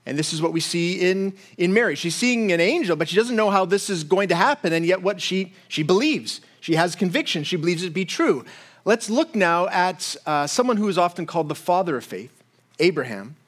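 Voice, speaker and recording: A male pastor gives a sermon in an easy, conversational way and keeps checking in with his listeners. His voice sits a little higher than most men's. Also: lively intonation, brisk.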